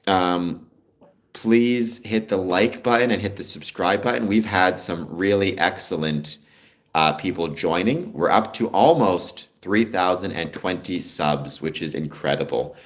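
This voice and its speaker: A Canadian man hosting a casual livestream, chatting and answering viewer comments as they come in. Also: low-pitched. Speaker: livestream host. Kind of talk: casual live-stream chat with viewers.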